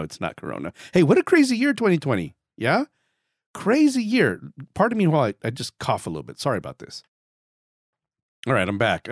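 A man in his forties hosting a casual podcast, with a raspy throat, talking in a chatty way, repeating words and cracking small jokes about himself. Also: mid-range voice, no room sound, clean studio sound. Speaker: podcast host.

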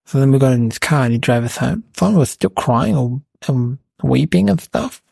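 A man playing a cheeky, indignant eight-year-old boy, telling a rambling comic story in a gravelly voice. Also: mid-range voice, expressive, moderate pace, dark tone, no room sound, heavily acted. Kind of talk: comic character monologue.

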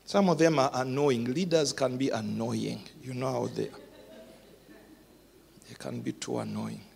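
A man's voice: mid-range voice, a little slow, creaky, a little mellow. A man pastor preaching a sermon, laughing often and growing tearful and emotional. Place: church hall. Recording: reverberant hall.

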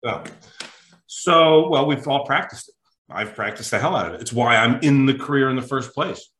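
A coach tells a story with lots of energy, stressing words and acting out the people in it. His voice is bright and forward, and his words ring in an echoey room. His pitch sits at a middle level. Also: normal speed. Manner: lively, emphatic, acts out quotes. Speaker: mental toughness coach, podcast guest. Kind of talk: animated anecdotal storytelling.

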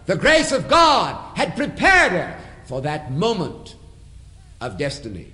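A man's voice: sits high, wildly swooping pitch, unhurried, pushed and bright. A man preaching a sermon in a church, building emphasis through repeated phrases. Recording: long hall reverb.

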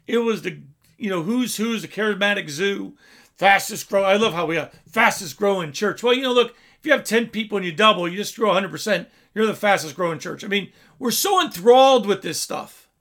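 Man, preacher, high voice, gravelly, sermon storytelling. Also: expressive, fairly quick, a bit bright. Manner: storytelling preaching, swells and drops in volume.

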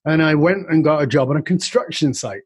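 A man's voice: fairly high pitch, fairly quick, darkish tone, breathy edge, no echo. A man guest in an interview, candidly and reflectively telling a personal story with casual swearing.

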